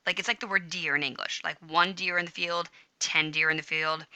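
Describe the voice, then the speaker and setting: Gravelly, bright woman teaching Spanish grammar. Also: on the low side, no echo, rough recording. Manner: upbeat, chatty, self-correcting. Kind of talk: screen-recorded grammar lesson. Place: home room with a smart speaker.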